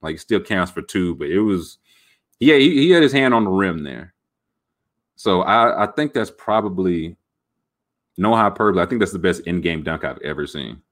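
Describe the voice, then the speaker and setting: A man hosting a podcast, rambling about sports in an animated, jokey way. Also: sits low, moderate pace. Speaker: podcast host. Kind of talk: casual sports talk.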